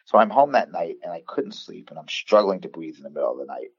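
A man in his fifties, a coach, earnestly telling a personal story in a podcast interview, halting and restarting as he recalls what people said. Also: low-pitched, very animated, husky, no room sound. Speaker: basketball coach guest. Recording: dull lo-fi sound.

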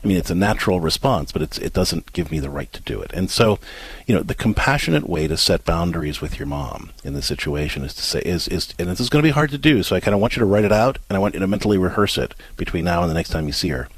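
A man with a low, breathy voice and lively intonation hosts a radio call-in advice show as a counselor, speaking earnestly but halting and restarting his sentences often. The recording is rough, with no room sound.

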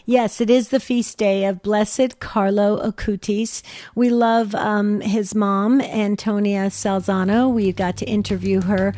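A woman co-hosting a Catholic call-in radio show, telling stories in a chatty, rambling way with quick laughs. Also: medium pitch, steady tone, dark tone, no echo, clean studio sound.

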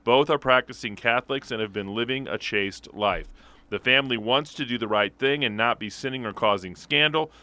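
A man co-hosting a radio show, reading listener letters aloud in a measured, steady way. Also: mid-range voice. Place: radio studio.

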